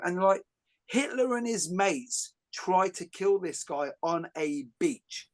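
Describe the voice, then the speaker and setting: Middle-aged man, slightly higher voice, podcast host, jokey rambling storyteller. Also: unhurried. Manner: animated storyteller, jokey, many fillers and restarts. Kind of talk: casual podcast conversation.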